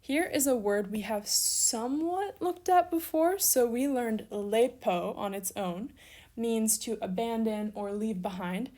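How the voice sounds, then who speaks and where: Her voice sits fairly high and sounds mellow, and she takes her time. A young woman leading a recorded language lesson, she's upbeat and encouraging over the worked examples, correcting herself lightly and tossing in casual remarks.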